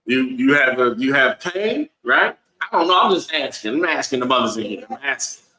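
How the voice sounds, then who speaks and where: A man's voice: mid-range voice, animated, moderate pace, sharp tone. Preachy man teaching a bible class. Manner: preachy, asks the room "right?" over and over. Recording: echoey room.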